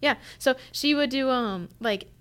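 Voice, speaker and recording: A woman's voice: high voice, measured pace, fairly bright tone, smooth. A woman in her twenties co-hosting a podcast, telling rambling stories in casual chat, full of fillers and restarts. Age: 20s. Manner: rambling, sidetracked storytelling with frequent fillers and laughter. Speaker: podcast co-host.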